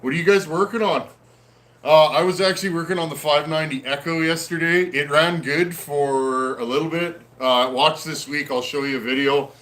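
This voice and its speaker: A man hosting a casual livestream, reading out viewer comments and chatting in a friendly, easygoing way with frequent pauses. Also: on the high side, fairly even intonation, a bit bright. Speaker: host of a livestream on chainsaw repair. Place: at home in a snowy area.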